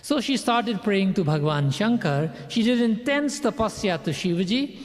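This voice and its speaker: High-voiced man telling a sermon story. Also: animated, moderate pace, long reverb tail. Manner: acts out characters' lines in the story. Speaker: pandit giving a sermon.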